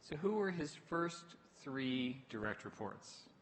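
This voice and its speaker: A man's voice: mid-range voice, sing-song, a little hiss or hum. Dry-witted man in a reverberant hall. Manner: dry, teasing, measured. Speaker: panel guest. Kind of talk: onstage conversation. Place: stage in a hall.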